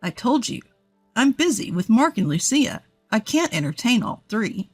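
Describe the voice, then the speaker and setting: A woman's voice: a little high, very animated, normal speed, soft background music. Woman voicing a curt, cold husband. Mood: irritated. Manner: curt and irritated. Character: cold, dismissive adult husband and father.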